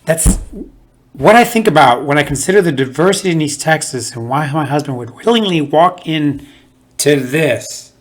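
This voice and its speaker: A man's voice: a little high, normal speed. A man doing a stand-up set for a home-made video with no audience, telling stories and acting out the people in them. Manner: animated storyteller who acts out the people in his stories. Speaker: stand-up comedian.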